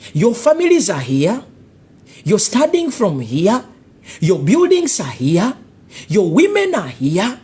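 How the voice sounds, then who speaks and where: Ugandan-accented political commentator, husky and animated, hammering rhetorical questions at listeners. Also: mid-range voice. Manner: confrontational, full of rhetorical questions and warnings. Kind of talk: live political commentary monologue.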